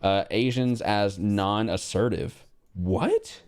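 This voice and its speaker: A man chatting casually on a livestream, blunt and profane, quick to react. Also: medium pitch, animated, darkish tone. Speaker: streamer.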